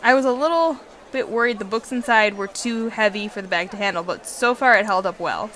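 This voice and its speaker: A woman's voice: mid-range voice, fairly quick, a bit bright, slight background noise. Giggly young woman reading a game aloud. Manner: giggly, chatty asides. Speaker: let's play host. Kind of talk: reading a visual novel aloud with commentary.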